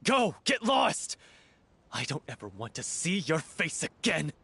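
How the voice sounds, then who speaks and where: A furious grieving troupe actor. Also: male voice, on the high side, very animated, measured pace, creaky, background noise, full character voice. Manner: accusing, furious. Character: grieving, hot-tempered male troupe actor. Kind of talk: video game voice acting.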